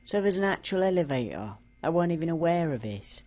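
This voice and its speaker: A woman's voice: on the low side, very animated, quick pace, dark tone. A woman commenting casually on a game playthrough, chatty and rambling, her voice a little strained. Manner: chatty, rambling, with many fillers. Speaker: gameplay commentator.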